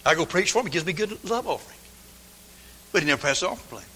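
Folksy preacher in an echoing hall. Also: male voice, a little high, expressive, very fast, bright, forceful tone, slight background noise. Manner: folksy, emphatic, mock-voices his listeners. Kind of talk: sermon. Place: church sanctuary. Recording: long hall reverb.

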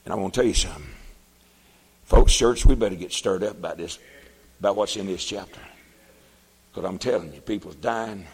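An older man preaching a sermon, folksy and plain-spoken, his voice swelling up into shouts. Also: deep voice, quick pace, husky, in a large hall.

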